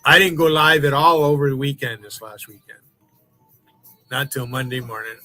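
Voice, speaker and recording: A man's voice: medium pitch, normal speed, bright, forceful tone, soft background music, poor audio. A man hosting a live stream, ranting in a combative, profane, rambling way and cutting others off. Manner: interrupts and talks over others. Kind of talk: heated live stream rant.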